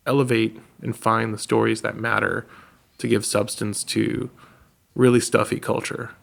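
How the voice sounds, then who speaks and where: A man who makes documentaries, chatting casually and telling stories with animated, laughing delivery. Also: fairly low pitch, unhurried, vocal fry. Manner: animated storyteller, laughs often, mimics others. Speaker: documentary filmmaker. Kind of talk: casual conversation.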